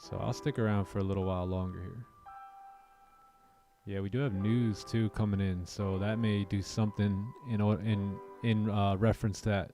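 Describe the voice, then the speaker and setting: A man's voice: lowish voice, fairly even intonation, moderate pace, mellow. Laid-back man hosting a trading stream. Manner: laid-back, joking with co-hosts, slangy. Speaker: trading livestream host. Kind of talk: casual livestream chat and chart commentary. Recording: faint music behind.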